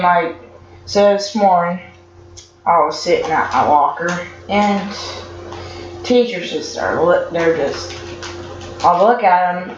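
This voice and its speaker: Teen boy vlogger, stutters and restarts, filler-heavy rambling, noisy background hiss. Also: a little high. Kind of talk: casual storytelling vlog. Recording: echoey lo-fi room with noise.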